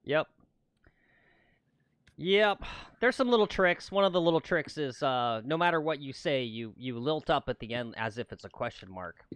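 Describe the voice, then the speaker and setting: A man's voice: a little high, lively intonation, normal speed, fairly bright tone, smooth, no echo. A man co-hosting a golf livestream outdoors on the course, chatting casually and laughing often.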